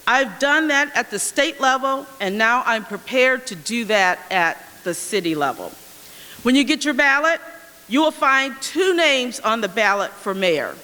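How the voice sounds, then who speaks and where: Woman candidate, bright crisp voice, emphatic slogans, long hall reverb. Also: on the high side. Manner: firm, emphatic, repetitive slogans. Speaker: mayoral candidate. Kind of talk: candidate forum answers and closing statement. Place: school auditorium.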